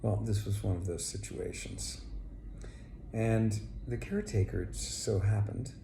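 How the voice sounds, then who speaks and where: A man narrating a folk tale slowly and intimately, often sinking to a whisper, recorded in an echoey room with faint noise. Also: fairly low pitch, creaky. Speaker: storyteller. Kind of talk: storybook narration.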